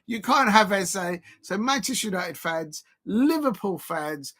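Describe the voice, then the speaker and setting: High-voiced mocking football fan host. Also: male voice, lively intonation, unhurried, a bit bright, slightly rough. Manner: mocking, banter-heavy, chants and sings snippets. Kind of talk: live fan reaction stream.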